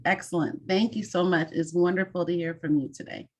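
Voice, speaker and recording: A woman's voice: lowish voice, fairly even intonation, brisk, darkish tone. Woman hosting an online mentoring session. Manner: clear, instructive, encouraging. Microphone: video call.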